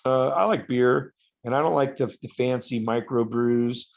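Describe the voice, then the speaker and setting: A man, a wrestler being interviewed, telling rambling stories with halting restarts. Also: mid-range voice, vocal fry. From United States. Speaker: guest, professional wrestler. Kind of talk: casual podcast interview. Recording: slightly dull lo-fi audio.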